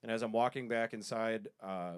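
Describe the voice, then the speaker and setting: A man telling stories in a stand-up comedy set, self-deprecating, with quick asides. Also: fairly low pitch, steady tone, smooth.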